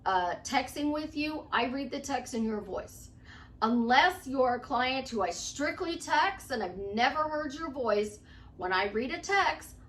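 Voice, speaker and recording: A woman's voice: high voice, a bit bright, far from the mic. A woman life coach giving a chatty, emphatic motivational talk to camera at home, acting out what her clients say.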